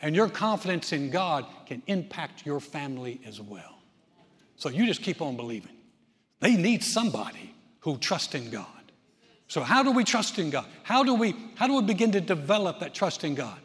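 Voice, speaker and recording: High-voiced man preaching in a hall. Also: moderate pace. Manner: conversational, folksy, lively storytelling. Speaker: pastor. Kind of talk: sermon.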